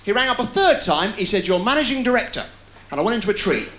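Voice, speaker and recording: A man doing stand-up, firing off deadpan one-liners and puns. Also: high voice. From England. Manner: rapid-fire deadpan puns with quick delivery. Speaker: stand-up comedian. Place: live TV studio with a laughing audience. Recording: loud crowd laughter, noisy 1990s TV broadcast.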